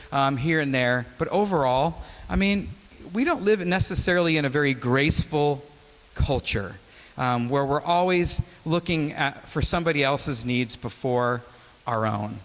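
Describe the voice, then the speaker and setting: A man in his forties from Wisconsin, giving a casual, joking sermon as a guest speaker and telling stories. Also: a little high. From Wisconsin, USA. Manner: joking, conversational, animated storyteller. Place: chapel hall. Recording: long reverb of a large hall.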